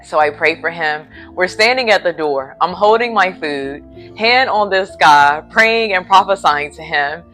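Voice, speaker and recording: A woman's voice: on the low side, a little slow, a bit bright, faint music behind. A woman preacher telling a personal faith story in a casual vlog from a hotel room, earnest and a little sleepy. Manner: earnest, faith-filled retelling.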